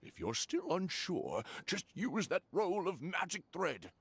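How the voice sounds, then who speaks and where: A gravelly, teasing old frog. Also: male voice, high voice, big pitch swings, unhurried, a bit bright, no room sound, full character voice. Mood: coaxing. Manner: playful, flowery speech. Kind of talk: game voice acting.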